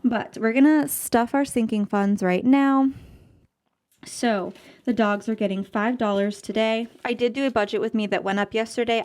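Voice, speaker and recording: Twenties woman vlogger, gushing casual chat, middle-pitched voice. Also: a little mellow. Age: 20s. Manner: bubbly, chatty, gushing. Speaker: budgeting vlogger. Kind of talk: casual chat while stuffing cash envelopes.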